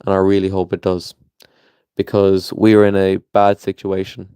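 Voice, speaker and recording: A man's voice: low-pitched, monotone, normal speed, dark tone, clean tone. A young man with a Liverpool accent, ranting bluntly to camera as a football fan vlogger, swearing freely and sounding frustrated. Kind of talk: opinionated casual rant to camera.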